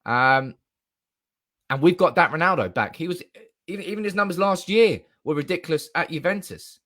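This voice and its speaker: A young man hosting a live stream, animated and swearing freely while reading out comments from the chat. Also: a little high, normal speed.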